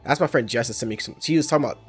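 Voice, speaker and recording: A man's voice: mid-range voice, racing, husky, faint music behind. Rambling casual young man streamer. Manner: rambling, self-correcting, swears freely. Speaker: game streamer. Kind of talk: casual chat while playing a game.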